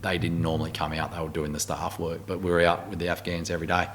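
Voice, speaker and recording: This is a deep-voiced, fast-talking Australian man in middle age, a warrant officer in the army, swapping war stories in a casual interview. He swears freely and tells them bluntly and animatedly. A little hiss or hum sits under the audio.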